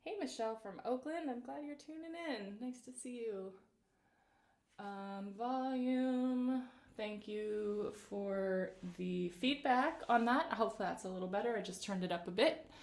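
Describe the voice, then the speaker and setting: A woman vocal coach leading a live-streamed warm-up, speaking gently and encouragingly and greeting viewers by name. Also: on the high side, a little slow. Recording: roomy echoey live-stream audio.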